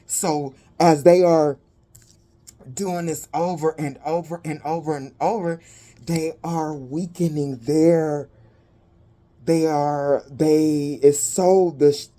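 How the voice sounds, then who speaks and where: A woman giving a spiritual reading to her viewers, dramatic and blunt, swearing freely and pausing to catch her breath. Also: low-pitched, steady tone, mellow. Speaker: spiritual reader.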